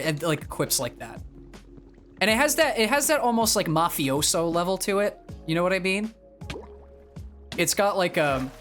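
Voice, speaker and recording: A man's voice: on the high side, expressive, fairly quick, fairly bright tone. Young male streamer from the Northeast US, casual chat, rambling with lots of fillers, faint background music. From northeastern US, near Boston. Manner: rambling, with many fillers and restarts.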